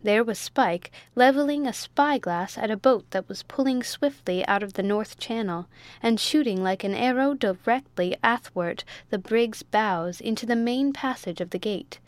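A woman narrating a classic sea novel as an audiobook, in a steady, clear reading. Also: a little high, moderate pace, dry recording. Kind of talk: scripted narration.

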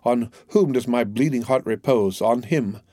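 A man voicing a devout, torn young woman who pleads with her lover, read in an earnest, measured way. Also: mid-range voice, dark tone, no room sound, studio quality, natural voice. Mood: anguished. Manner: earnest, imploring, measured reading. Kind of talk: audiobook character reading.

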